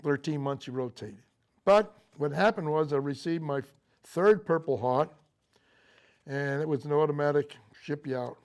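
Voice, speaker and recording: An older man, a Marine veteran, recounting his memories in a TV interview, speaking haltingly with frequent fillers and restarts. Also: a little high, a little mellow. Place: local TV studio.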